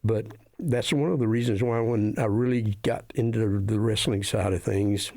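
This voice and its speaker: A middle-aged man speaks as a guest in a casual interview. His voice sits somewhat low and sounds dry and close. He talks haltingly, repeating words as he gets going. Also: fairly even intonation, dark tone, dry recording. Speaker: wrestling referee, guest.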